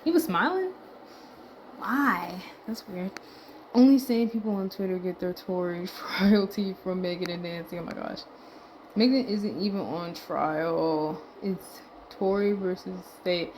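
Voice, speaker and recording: A woman's voice: fairly low pitch, steady tone, a little slow, warm tone, a little hiss or hum, low-quality recording. Laid-back woman mumbling through tweets. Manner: laid-back, muttering asides and swear words, trailing off. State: a little winded. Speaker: vlogger reading tweets aloud. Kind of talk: casual commentary reading tweets.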